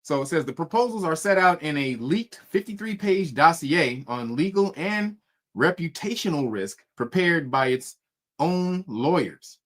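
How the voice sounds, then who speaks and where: A man's voice: on the high side, expressive, unhurried, a bit bright. A man reading news articles aloud and riffing on them, cursing, laughing often and stumbling over words. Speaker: commentary streamer.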